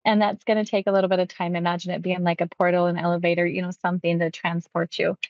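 A woman hypnotherapist recounting a client's session, talking quickly and acting out quotes. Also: fairly low pitch, no room sound, lo-fi sound. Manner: quick, animated retelling with acted quotes. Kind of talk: storytelling about a client session.

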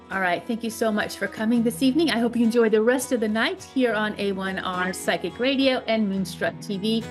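Woman, psychic show host, guided healing, energetic, laughs a lot, fast talk, faint background music. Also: fairly high pitch. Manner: energetic, laughs often, talks fast and excited. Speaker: psychic healer hosting a show. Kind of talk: live guided healing session.

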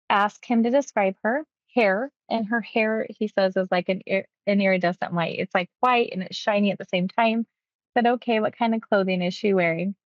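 Woman hypnotherapist, quick animated storytelling, dry slightly dull sound. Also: medium pitch, no echo. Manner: quick, animated retelling with acted quotes. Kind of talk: storytelling about a client session.

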